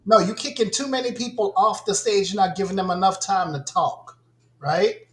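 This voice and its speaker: A man's voice: high-pitched, normal speed, fairly bright tone, echoey room. A man co-hosting a gaming podcast, ranting bluntly and with a lot of swearing in casual chat. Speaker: podcast co-host.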